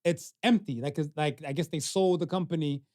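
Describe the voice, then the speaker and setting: A man's voice: fairly high pitch, a little fast, a little mellow, no echo, studio quality. A man co-hosting a podcast, telling a story in loose casual chat with lots of fillers and acted-out quotes. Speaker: podcast co-host.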